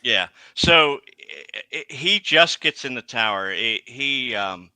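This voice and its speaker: Man, very slow pace, smooth clear voice, halting storyteller, casual chat. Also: medium pitch, lively intonation, sharp tone, dry recording. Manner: halting, with many restarts.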